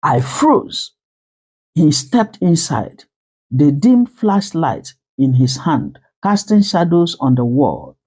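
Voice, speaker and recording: A woman narrating a dramatic first-person story with slow, emotional delivery. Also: deep voice, very animated, mellow, husky.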